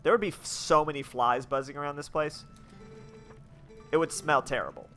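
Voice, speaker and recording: Bright-voiced rambling young man gaming. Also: on the high side, fairly even intonation, moderate pace, long pauses, faint music behind. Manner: rambling, many "like"s and restarts. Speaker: game streamer. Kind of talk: casual let's-play commentary.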